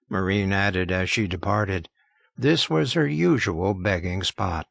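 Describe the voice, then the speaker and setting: Gravelly male audiobook narrator. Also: deep voice, unhurried, a bit bright, no echo, studio quality. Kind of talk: scripted narration.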